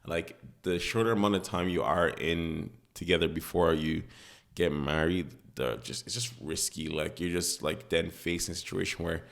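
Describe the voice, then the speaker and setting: A man with a cold and a stuffy nose, speaking in a very deep voice with a gravelly fry. He co-hosts a casual podcast chat and rambles along in a relaxed way, full of fillers. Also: normal speed. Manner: relaxed, filler-heavy, laid-back. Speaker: podcast co-host.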